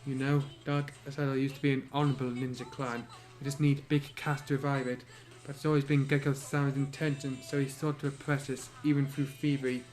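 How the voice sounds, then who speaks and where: A man's voice: mid-range voice, level tone, a little fast, darkish tone, lightly acted. A man voicing a grieving young female ninja student who speaks tearfully, in a fan audiobook reading. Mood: resolute. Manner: tearful, pleading.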